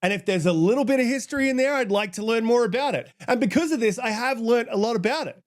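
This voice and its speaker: A man with a high-pitched voice hosts his channel, worked up and exasperated. He swears freely as he picks apart an online argument, dropping into a flatter tone when he reads the other side's tweets aloud. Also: quick pace. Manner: heated, profane, exasperated. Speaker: channel host. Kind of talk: ranting commentary.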